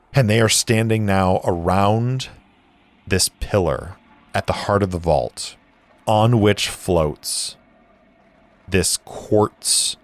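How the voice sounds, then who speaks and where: A man narrating and playing a solo tabletop role-playing game in a deliberate, descriptive way. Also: deep voice. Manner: deliberate, descriptive, with dice-roll asides. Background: faint music.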